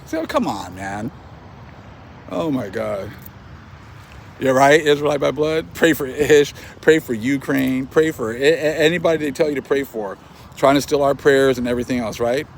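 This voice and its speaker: A man's voice: fairly high pitch, lively intonation, moderate pace, gravelly, pauses often, a little hiss or hum. A man with a young son gives a casual, mocking commentary monologue, laughing often and calling listeners man and bruh. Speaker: online commentator.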